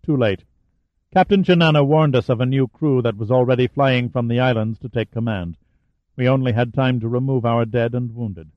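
A man voicing a gaunt giant villain who speaks in a cold, calm, clipped way, on a dry, slightly dull recording. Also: medium pitch, moderate pace, no room sound, natural voice.

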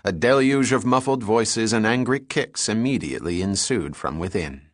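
Low-voiced man narrating an adventure story. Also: moderate pace, no echo, clean studio sound. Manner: steady storytelling delivery. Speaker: audiobook narrator. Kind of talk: scripted narration.

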